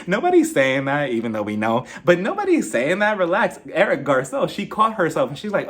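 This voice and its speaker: A man's voice: sits high, normal speed. A young man giving a casual, gossipy reality TV recap and acting out the cast's lines in mock voices. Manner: animated, gossipy, acts out quotes in mock voices. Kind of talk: casual commentary.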